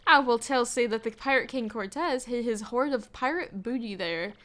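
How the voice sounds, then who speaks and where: A woman's voice: a little high, moderate pace, fairly bright tone, natural voice. A woman voicing a flamboyant, vain male merchant trader from a video game, with grand, theatrical delivery. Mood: dramatic. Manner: grandiose, theatrical, dramatic exclamations. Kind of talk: reading game dialogue aloud.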